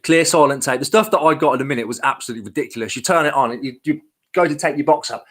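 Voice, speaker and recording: A man's voice: mid-range voice, rapid-fire, a bit bright. A British man hosting a casual livestream for his reselling business, joking and rambling as he answers questions from chat.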